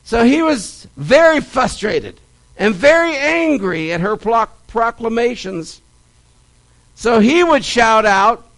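In a church, a man with an extremely high-pitched voice preaches a sermon and Bible study at a slow pace. He tells stories with great animation and repeats key phrases for emphasis. The audio quality is poor.

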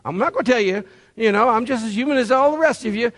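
A man's voice: extremely high pitch, quick pace, fairly bright tone. A man preaching a sermon, folksy and conversational, firing rhetorical questions at the congregation. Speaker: pastor.

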